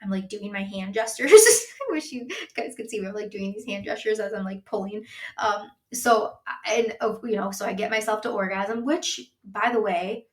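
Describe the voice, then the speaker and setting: A woman's voice: medium pitch, flat delivery, normal speed, roomy sound, recorded from a distance. A woman hosting a casual solo podcast as a sex coach, talking candidly and chattily, full of likes and restarts. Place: home room by a window.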